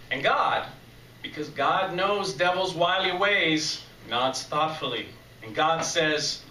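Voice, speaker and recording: A man's voice: on the high side, animated, takes it slowly, sharp tone, slight background noise. A man performing an essay on stage, telling a story in a folksy, preacher-like way to a live audience. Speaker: reader at a live essay competition. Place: live reading venue with audience. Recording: echoey live club from a distance.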